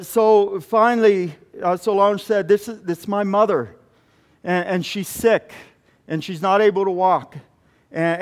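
A man preaching, retelling a missionary testimony with frequent halting restarts. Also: high-pitched. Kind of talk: sermon storytelling.

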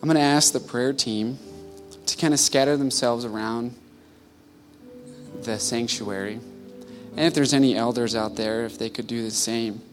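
Earnest male pastor preaching over soft music. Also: medium pitch, moderate pace, long pauses. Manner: earnest, builds to loud pleading peaks. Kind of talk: sermon. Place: church sanctuary.

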